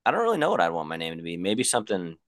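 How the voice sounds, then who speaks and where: A young man with a low voice chatting loosely on a podcast with his friends. He jokes around and laughs easily. The sound is dry and close. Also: wildly swooping pitch, very fast, no room sound. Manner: laughs often, loose and joking. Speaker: podcast co-host. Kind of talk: casual chat among friends.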